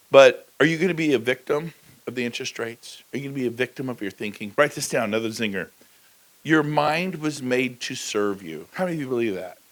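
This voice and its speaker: A man giving a high-energy motivational talk at a conference, joking with the crowd and slipping into quick impressions of people. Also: fairly bright tone. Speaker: keynote speaker. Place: large conference hall.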